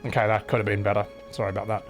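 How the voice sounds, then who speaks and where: A man's voice: on the low side, little pitch movement, rapid-fire. A young man giving casual, self-deprecating commentary while streaming a game, with music faintly behind.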